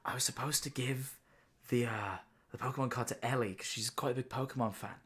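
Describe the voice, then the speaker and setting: A young man streaming casually, reacting excitably and rambling through stories with restarts and swearing. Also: mid-range voice, fairly quick.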